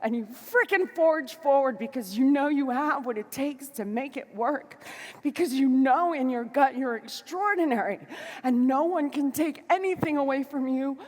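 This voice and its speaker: A woman giving a motivational stage talk to a live audience, fiery and emphatic, moving between shouts and soft asides. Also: sits high, normal speed, in a large hall. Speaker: motivational speaker. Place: large hall before a live audience.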